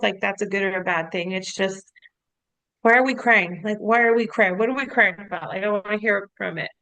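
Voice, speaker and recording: A woman co-host speaks in a casual, lively podcast manner, telling stories with frequent "like" fillers. Her voice has a gravelly, fry-touched texture at a middle pitch. The sound is close and dry, with no room behind it. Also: no echo, low-quality recording. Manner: animated storyteller, frequent "like" fillers, laughs easily.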